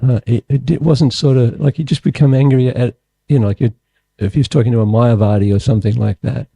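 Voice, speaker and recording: A man in the audience asks a question, circling and restarting as he goes. His voice is husky, very dark and gravelly. The sound is dry and close. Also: mid-range voice, fairly even intonation, fairly quick, no room sound. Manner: rambling, with restarts. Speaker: audience member asking a question.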